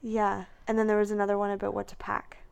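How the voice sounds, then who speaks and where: Gravelly-voiced pregnant woman telling stories. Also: medium pitch, fast talker. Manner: animated storytelling, acts out quotes, laughs often. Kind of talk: casual chat.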